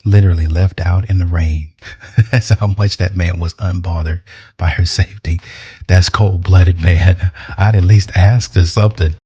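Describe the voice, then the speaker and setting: Blunt commentary host, deep dark rasp, dry dull recording. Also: male voice, fairly even intonation, normal speed, no room sound. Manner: blunt, scolding. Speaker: reaction channel host. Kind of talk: commentary on clips.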